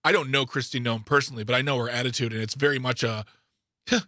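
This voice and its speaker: Sarcastic radio co-host guy, very crisp bright tone, jokes around. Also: medium pitch, steady tone, very fast, no echo, studio quality. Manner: joking, sarcastic. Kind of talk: casual radio banter.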